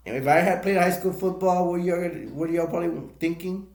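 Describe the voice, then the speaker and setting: A man's voice: high-pitched, fairly even intonation, brisk, a little mellow. A man rambling emotionally through tears in a live stream monologue, repeating himself as he talks. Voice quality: gravelly. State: crying. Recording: echoey room.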